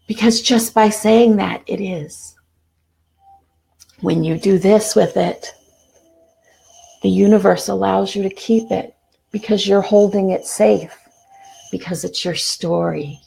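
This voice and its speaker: A middle-aged woman hosting a spiritual self-help talk, speaking earnestly and slowing down for repeated affirmations. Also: mid-range voice, fairly even intonation, vocal fry, warm tone, slightly rough. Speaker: self-help show host.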